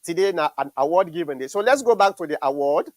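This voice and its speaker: A man hosting an online show, talking in a halting way full of fillers and restarts. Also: fairly high pitch, expressive, dry recording, low-quality recording. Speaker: show host.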